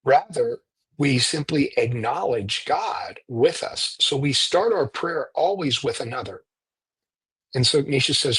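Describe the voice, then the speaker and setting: A man with a slightly husky voice, talking through a spiritual idea as if to a friend. He keeps it animated and story-driven, tossing in "right?" to check in. The sound is close and dry, with no room around it. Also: mid-range voice, unhurried, no room sound, rough recording. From United States. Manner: animated storyteller, often ends points with "right?". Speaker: priest and retreat leader. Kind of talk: conversational teaching.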